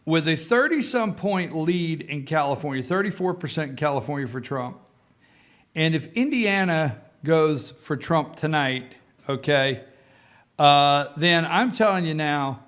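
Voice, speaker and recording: A man's voice: a little high, unhurried. A man hosting a talk show, giving casual political commentary and repeating himself for emphasis. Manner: animated, repeats himself for emphasis, addresses folks.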